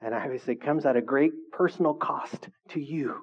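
A man preaching to his congregation in a casual, animated way, often asking the room questions. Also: mid-range voice, brisk, husky, lo-fi sound. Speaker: pastor. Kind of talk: sermon.

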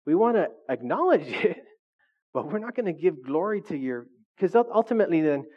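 A man's voice: fairly high pitch, very animated, brisk, muffled recording. A pastor preaching a conversational, humorous sermon, often asking his congregation questions.

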